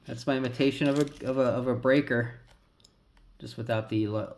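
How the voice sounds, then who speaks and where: A man's voice: mid-range voice, steady tone, normal speed. Man muttering through a card opening. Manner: rambling, mutters names as he flips cards. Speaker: card collector vlogger. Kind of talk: casual pack-opening commentary.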